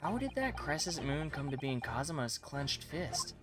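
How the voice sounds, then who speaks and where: A lofty, lecturing gentleman detective voiced by a man reading game lines, put on with a Spanish-tinged accent. His pitch swings up and down with theatrical flair. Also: very animated, normal speed, over loud music. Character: pompous gentleman detective, male, grown man.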